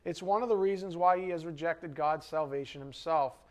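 Here a pastor with a higher-leaning voice delivers a brisk sermon to his church hall congregation. He peppers them with questions, and his voice climbs sharply once he's worked up.

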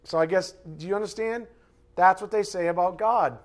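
Emphatic preacher with loud and quiet swings. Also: male voice, sits high, normal speed. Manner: rhetorical questions to the congregation. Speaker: pastor. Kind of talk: sermon.

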